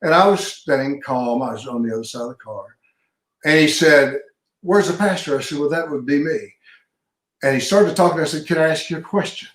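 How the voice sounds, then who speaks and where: A man's voice: on the high side, brisk, a bit bright. Folksy older man storyteller. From Texas. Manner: folksy storyteller, acts out dialogue. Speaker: pastor and retired police sergeant. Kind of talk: storytelling in an interview. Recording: roomy echo.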